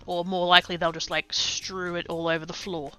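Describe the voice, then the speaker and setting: A woman's voice: fairly low pitch, flat delivery, fairly quick, bright, forceful tone, smooth, soft background music. An Australian woman livestreaming, telling a story in rambling casual chat, swearing freely and poking fun at herself.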